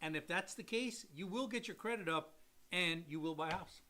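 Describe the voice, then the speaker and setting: A middle-aged man who works as a loan officer, co-hosting a casual livestream and answering viewer questions in an animated, salesy way. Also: sits high, fairly quick.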